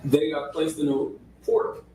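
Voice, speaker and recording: A man's voice: on the high side, little pitch movement, unhurried, dark tone. A man testifying as a records custodian in court, hedging his answers and checking in with "right?". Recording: echoey room audio from far off, faint hiss.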